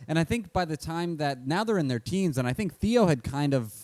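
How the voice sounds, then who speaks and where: A young man co-hosting a podcast in relaxed, casual chat, often agreeing and laughing along. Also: a little high, no echo. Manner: laid-back, quick agreeing, laughs along. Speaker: podcast co-host.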